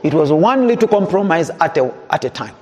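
Preacher with soaring, lively pitch. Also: male voice, a little fast, muffled recording. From Zambia. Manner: preaching with rising, emphatic calls to the congregation. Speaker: pastor. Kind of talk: sermon. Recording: long hall reverb.

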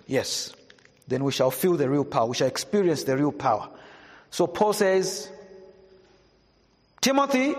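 Pastor preaching in a reverberant hall. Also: male voice. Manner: swings between hushed, low passages and raised, emphatic preaching. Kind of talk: sermon. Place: church hall.

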